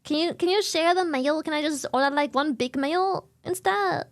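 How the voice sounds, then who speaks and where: High-voiced playful woman streamer. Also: moderate pace. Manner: playful, singsong, chatty. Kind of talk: casual chat with viewers.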